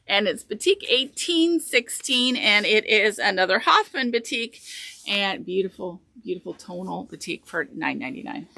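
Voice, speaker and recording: A woman's voice: medium pitch, lively intonation, normal speed, creaky, pushed and bright, dry recording. A woman co-hosting a fabric show, chatting casually as she hunts for the right color names. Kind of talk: casual product presentation.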